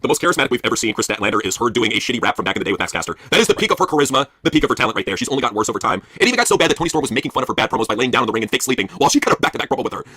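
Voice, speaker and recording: A man's voice: medium pitch, big pitch swings, racing, hardly any pauses, pushed and bright, breathy edge, no echo. A man co-hosting a crude wrestling news podcast, mocking and profane. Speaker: podcast co-host.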